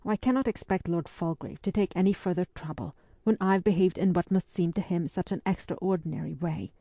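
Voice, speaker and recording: A woman's voice: lowish voice, brisk, creaky, warm tone, no room sound. Woman voicing a troubled young French officer.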